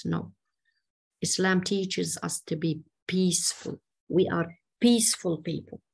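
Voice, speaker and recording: Woman teaching faith lesson, slow and deliberate, acts out the quotes. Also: medium pitch. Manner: animated storytelling, acts out quoted speech. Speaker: Islamic teacher. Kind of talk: religious lesson.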